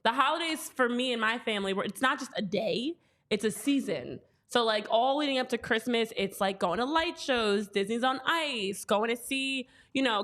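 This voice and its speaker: Jersey-raised woman cohost, kinda high voice, playful banter on a sports show. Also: fairly bright tone. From New Jersey. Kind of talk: casual chat.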